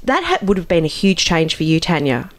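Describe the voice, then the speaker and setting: A woman's voice: fairly low pitch, brisk. Chatty Australian woman hosting an interview. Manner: chatty, enthusiastic, lively asides. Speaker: podcast host, Lord Mayor. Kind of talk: conversational interview.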